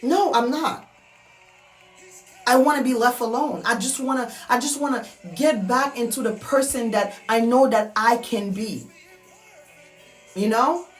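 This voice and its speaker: Earnest woman with soft music behind. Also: on the high side, measured pace. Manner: earnest, repetitive, heartfelt. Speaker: vlogger. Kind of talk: personal motivational monologue. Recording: soft music underneath, mic at a distance.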